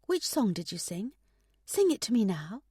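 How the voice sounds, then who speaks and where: A woman voicing a gentle, caring adult daughter who looks after her father. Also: mid-range voice, big pitch swings, normal speed, slightly rough, no room sound, studio quality, pitched above the performer's own voice.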